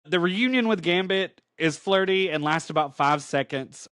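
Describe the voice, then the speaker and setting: A man's voice: high-pitched, moderate pace, fairly bright tone, no echo, studio quality. A man co-hosting a podcast, giving a chatty, emphatic comic book recap full of "like". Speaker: podcast co-host.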